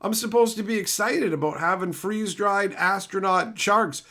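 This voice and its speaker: A middle-aged man ranting sarcastically at his live chat in casual, profane talk, breaking into loud mocking outbursts. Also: high voice, normal speed. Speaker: streamer reading live chat.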